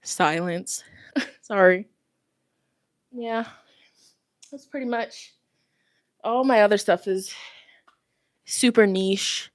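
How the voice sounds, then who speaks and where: Out of breath lady chatting to her viewers, giggly, mid pitch, dry close phone mic. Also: slow, pauses often, no room sound. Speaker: tarot reader and spiritual host. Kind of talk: casual livestream chat with viewers. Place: at home, walking around. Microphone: phone microphone held close.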